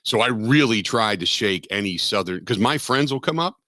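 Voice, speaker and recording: A man's voice: on the low side, expressive, normal speed, bright, forceful tone, no room sound, clean studio sound. A man from Southwestern Ohio hosting a sports radio show, rambling in casual chat and repeating himself with self-deprecating asides. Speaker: radio sports talk host. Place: radio studio.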